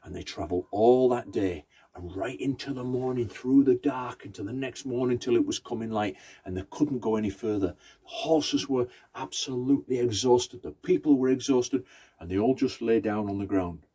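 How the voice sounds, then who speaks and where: A man telling a folk tale aloud in a conversational way, pausing to ask his listeners questions. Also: medium pitch, mellow, husky. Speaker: storyteller. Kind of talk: oral folk-tale storytelling.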